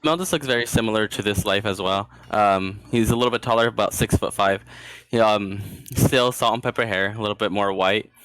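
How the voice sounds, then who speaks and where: An easygoing man describing and voicing his character in a tabletop game. His voice is fairly low, and he talks in a relaxed, offhand way. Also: fairly quick, clean tone, no room sound, rough recording. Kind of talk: casual in-character role-play.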